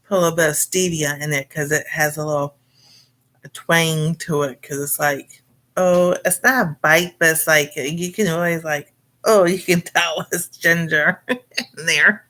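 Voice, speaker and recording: Hosting a cooking livestream, a middle-aged woman chats and rambles casually, saying hello to viewers and laughing frequently. Her voice sits low with a steady, sharp tone, and she speaks a little slowly.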